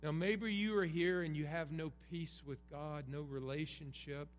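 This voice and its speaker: Earnest pastor preaching in a hall. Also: male voice, fairly high pitch, fairly even intonation, normal speed. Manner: earnest preaching with emphatic repetition. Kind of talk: sermon. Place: church sanctuary. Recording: roomy hall reverb, faint hum.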